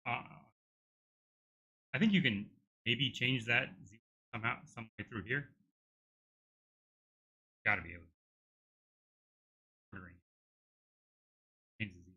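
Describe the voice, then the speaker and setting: A man's voice: medium pitch, expressive, unhurried, pauses often, sharp tone, breathy edge, muffled recording. A middle-aged man with a tired throat, live coding and thinking aloud, hesitant with many restarts. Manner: hesitant, many restarts while working things out. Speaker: game developer streaming live.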